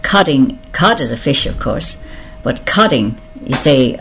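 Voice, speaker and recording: An older speaker with an Irish accent reads out a list of words one by one, slowly musing on each meaning and often admitting they are unsure. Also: mid-range voice, expressive, sharp tone, a little hiss or hum. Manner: slow, musing, reads each word aloud, then explains it or admits not knowing. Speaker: reader of a word list. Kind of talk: reading and explaining a word list.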